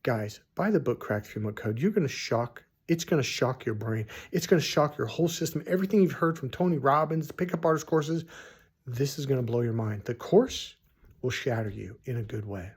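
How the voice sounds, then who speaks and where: A man's voice: medium pitch, fairly quick, slightly rough. A middle-aged man, a dating coach, telling a rambling, emphatic story to his viewers. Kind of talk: storytelling monologue.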